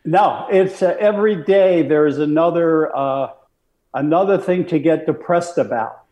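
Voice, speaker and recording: A man in his eighties, a filmmaker guest, talking wearily and hesitantly with a slightly hoarse throat. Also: fairly high pitch, measured pace, dark tone, roomy sound, rough recording. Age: 80s.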